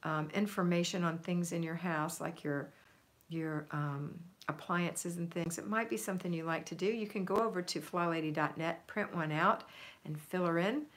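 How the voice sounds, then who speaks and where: Speaking at a moderate pace in a lowish voice, this livestream host chats from home through a phone or webcam. She's talkative and warm with her viewers, reading their comments out loud and laughing readily.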